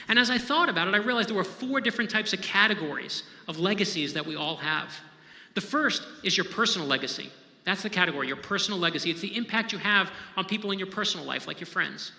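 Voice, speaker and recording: The speaker is a male novelist whose high-pitched voice has a sharp tone. He tells inspiring stories in an emphatic, conversational style, often asking how the audience is following, while a long reverb from the echoey hall trails his words.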